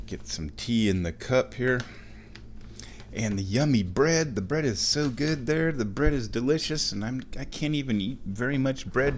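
A man with a medium-pitched voice hosts a podcast while walking between rooms at home, keeping his monologue casual, playful, and full of digressions despite his stuffed-up sinuses. There's a little hiss or hum in the audio.

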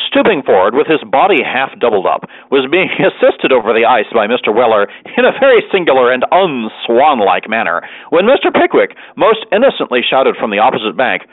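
A man narrating a classic story in an expressive reading style, doing animated character voices. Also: mid-range voice, brisk, few pauses, no room sound. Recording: tinny dry radio broadcast.

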